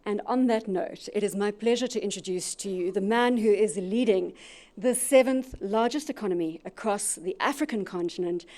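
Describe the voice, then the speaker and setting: Woman emceeing a conference, warm mellow voice, lively and punchy with her intros. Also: mid-range voice, normal speed. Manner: animated, stresses words by repeating them. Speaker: event moderator. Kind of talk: formal stage introduction.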